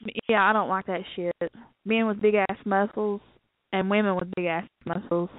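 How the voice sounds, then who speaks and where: A woman's voice: mid-range voice, steady tone, moderate pace, no echo. A woman co-hosts a casual podcast and gives her opinions bluntly with plenty of swearing. Her voice is in a middle range. It sounds thin and close, as if heard over a phone line. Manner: blunt, outspoken, laughing along. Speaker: co-host. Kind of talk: casual comedic podcast chat. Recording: tinny, phone-like, dry.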